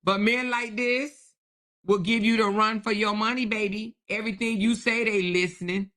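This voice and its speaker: A sassy woman hosts a casual live stream, talking straight to her viewers with lots of endearments and laughter between her remarks. Her voice is bright and forceful, sitting at a middle pitch for a woman. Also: normal speed. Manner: sassy, animated, peppered with endearments. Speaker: host. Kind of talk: live-stream commentary reading chat.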